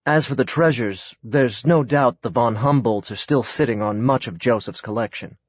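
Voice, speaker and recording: A man's voice: medium pitch, no room sound, lightly acted. A man voicing a courteous, earnest man with a slight American accent. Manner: courteous and measured. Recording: dry, slightly dull audiobook recording.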